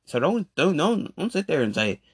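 A man ranting casually in a voice message, animated and repetitive with slang. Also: fairly high pitch, moderate pace, husky, dry recording, studio quality. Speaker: podcast host. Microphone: phone voice message.

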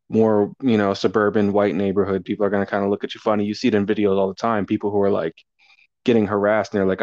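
A young man in casual conversation, talking in a relaxed, reflective way. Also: on the low side, no echo. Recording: dull lo-fi sound.

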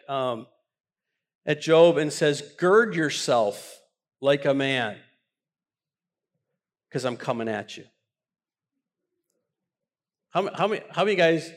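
A man preaching a sermon with passion, often repeating words as he builds up a point. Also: fairly high pitch. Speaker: pastor.

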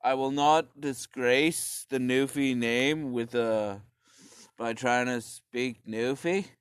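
A man's voice: medium pitch, slow pace, clear, resonant tone, dry recording, studio quality. A man, ranting casually in a rambling, profane way full of fillers and restarts. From Canada. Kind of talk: casual rant.

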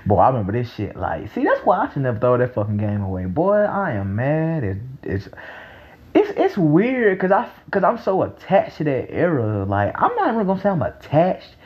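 Animated young man with a very lively pitch. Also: normal speed, highs cut off. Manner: animated and excitable, profane, laughs loudly. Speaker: vlogger. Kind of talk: casual rambling monologue.

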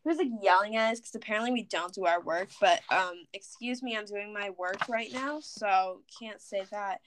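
A teenage girl chatting casually with friends, telling animated stories full of "like" and acted-out quotes. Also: mid-range voice, moderate pace, background noise. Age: teens. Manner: excitable storyteller, lots of "like". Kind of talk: casual chat among friends.

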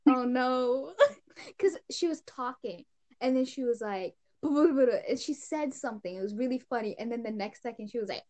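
Teenage girl, casual podcast chat, giggly storyteller, slightly high voice. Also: fairly quick, a little mellow. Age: teens. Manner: giggly storytelling, bursts into laughter. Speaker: podcast co-host.

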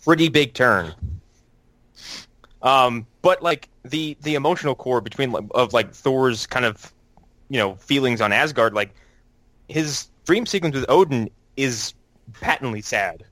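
Young guy podcast cohost, lively, acts out quotes, swears a lot, dry sound. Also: medium pitch, measured pace, no echo. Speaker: podcast co-host. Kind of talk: casual chat.

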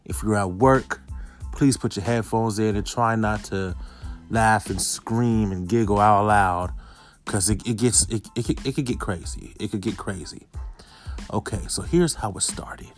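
A man in his thirties casually telling viewers a story, swinging from hushed asides to loud exclamations. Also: lowish voice, unhurried. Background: faint background music.

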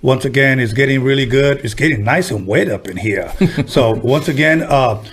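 A man hosts a loose podcast and keeps things playful. He cracks crude jokes and teases his guest. His voice is at a middle pitch. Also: moderate pace. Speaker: podcast host. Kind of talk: casual podcast hosting.

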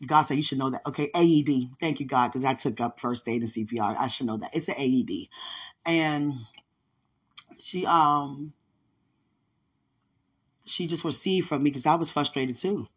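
A woman hosting a podcast, telling a personal faith testimony in casual, animated storytelling. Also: a bass voice, normal speed, long pauses, breathy edge. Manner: animated storytelling, acts out others' words. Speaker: podcast host.

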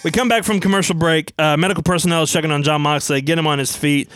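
Brisk man narrating wrestling play-by-play. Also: a little high, fairly even intonation, fairly bright tone, no room sound. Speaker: storyteller.

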